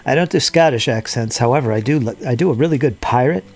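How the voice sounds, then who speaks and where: A man's voice: medium pitch, quick pace, darkish tone. A man hosting a casual live hobby chat while he crafts, rambling and joking and often laughing at himself. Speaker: hobby channel host.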